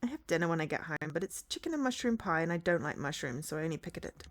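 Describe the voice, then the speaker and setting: A woman's voice: low voice, animated, fast talker. A woman reading a narrative game aloud and voicing a withdrawn, blunt teenage schoolgirl in a matter-of-fact way. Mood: wistful.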